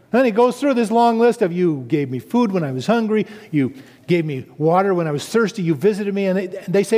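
A man preaching a sermon, animated and storytelling, rising to emphatic quotes. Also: sits high, a little fast, big-room sound.

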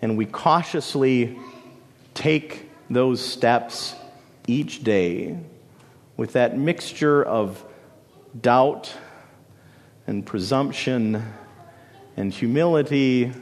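Male pastor, storytelling sermon delivery, mid-pitched voice, long hall reverb. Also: extremely slow, long pauses. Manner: dramatic storytelling preacher, swinging between soaring and hushed.

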